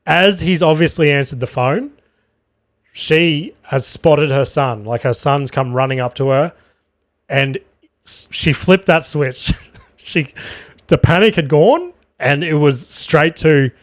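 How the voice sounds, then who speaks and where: A man's voice: fairly high pitch, takes it slowly, no room sound, studio quality. A young man hosting his own podcast, telling rambling, profane stories in a casual way. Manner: rambling and profane, with frequent fillers and laughter. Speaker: podcast host and stand-up comedian. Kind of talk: casual storytelling monologue.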